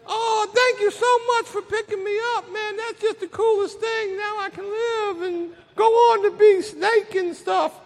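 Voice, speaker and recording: A man voicing a freezing male snake that begs for help in a high, whimpering squeak, in a storytelling talk. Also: steady tone, measured pace, gravelly, few pauses, exaggerated voice. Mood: grateful. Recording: echoey hall.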